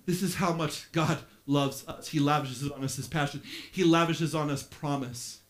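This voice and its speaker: A man preaching a sermon as pastor, animated, with playful asides, swinging from quiet stretches to shouting. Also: on the high side, moderate pace.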